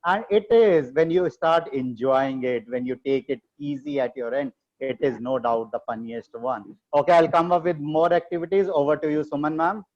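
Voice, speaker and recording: Man, slightly high voice, easygoing webinar moderator, muffled call audio. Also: normal speed, few pauses. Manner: relaxed, chatty, with many fillers like "okay, okay". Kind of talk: casual online moderation.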